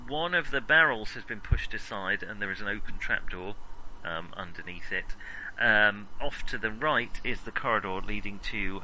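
Man, game master, very bright tone, hesitant narration with ums, faint hiss. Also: on the low side, rough recording. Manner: hesitant, full of ums, lively sound effects.

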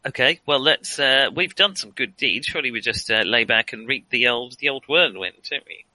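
A man's voice: mid-range voice, normal speed, sharp tone, no echo, rough recording. A man playing a tabletop game in character, joking and rambling. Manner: joking, rambling, self-deprecating. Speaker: player. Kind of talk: in-character tabletop role-play.

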